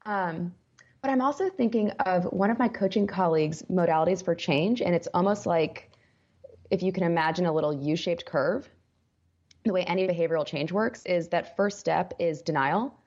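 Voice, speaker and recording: A woman career coach who is a guest on a podcast, talking in an animated way, laughing often and acting out what people say. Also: lowish voice, moderate pace, dull audio. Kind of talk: casual podcast interview.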